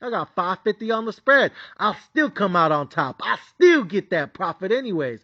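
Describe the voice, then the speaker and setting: A man's voice: sits high, very animated, normal speed, few pauses, bright, forceful tone, dull audio. A man with a Mexican accent ranting profanely as host of a sports betting recap.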